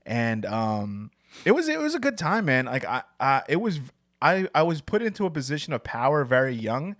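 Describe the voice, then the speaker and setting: A man's voice: medium pitch, sing-song, moderate pace, fairly bright tone, dry recording, studio quality. Profane young man telling work stories. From New York. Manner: profane, storytelling, says "bro" a lot. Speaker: podcast host. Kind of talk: casual chat.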